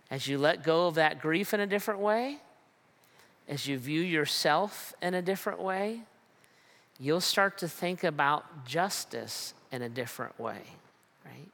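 A man's voice: fairly high pitch, a little slow, a bit bright. A man preaching a sermon with emphatic repetition and rhetorical questions. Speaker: pastor.

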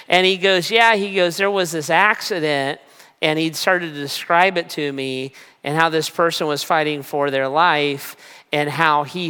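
A man's voice: fairly high pitch, bright, forceful tone, clean tone. A man preaching a sermon as a pastor, telling a story with animation and acting out the voices in it. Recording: echoey with a long reverb.

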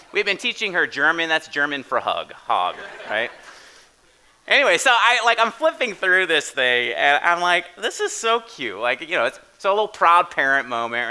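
A man's voice: mid-range voice, gravelly, pushed and bright, clear, resonant tone. A man in his thirties, a pastor telling a story in a chatty, casual sermon and often asking "right?".

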